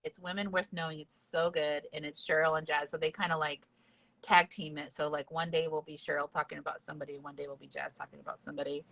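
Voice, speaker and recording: A woman's voice: low-pitched, flat delivery, fast, vocal fry, fairly bright tone. A woman hosting a casual podcast chat, rambling and giggly with lots of fillers. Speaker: podcast host. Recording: dull lo-fi sound.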